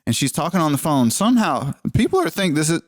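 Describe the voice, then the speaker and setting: A man's voice: a little high, sing-song, fast, dry recording, clean studio sound. A man co-hosting a podcast, telling rambling stories in casual chat, swearing freely and acting out what people said. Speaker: podcast co-host.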